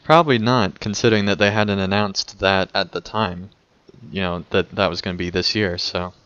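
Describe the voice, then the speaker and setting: A man's voice: low-pitched, steady tone, normal speed, fairly bright tone, clean tone, muffled recording. A man co-hosting a gaming podcast in casual chat, laughing and teasing often. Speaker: podcast co-host.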